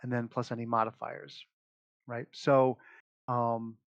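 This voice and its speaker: A man's voice: medium pitch, slow pace, vocal fry, no echo, muffled recording. A man acting as game master, casually explaining character creation and rules with lots of fillers and laughs. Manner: relaxed, chatty, many fillers, laughs often.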